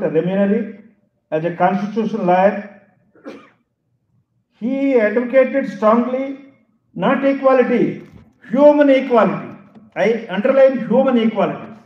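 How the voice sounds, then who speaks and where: A man's voice: sits high, echoey room, dull audio. A man giving a lecture as a professor, speaking emphatically and repeating key phrases for stress. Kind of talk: public lecture.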